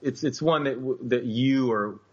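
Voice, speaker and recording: A man co-hosting a podcast in casual chat, agreeable and halting with many restarts. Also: medium pitch. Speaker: podcast co-host. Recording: dull lo-fi audio.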